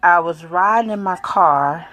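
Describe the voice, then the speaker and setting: A middle-aged woman giving a personal faith testimony, speaking softly and haltingly with many pauses and fillers. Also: fairly low pitch, rough recording. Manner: soft, quiet, emotional delivery. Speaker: grieving mother sharing her faith.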